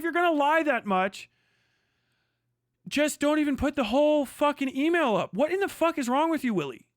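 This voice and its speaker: A man's voice: very high-pitched, very animated, moderate pace, no room sound, studio quality. A man ranting on a live stream, reacting to a video with profane, mocking commentary.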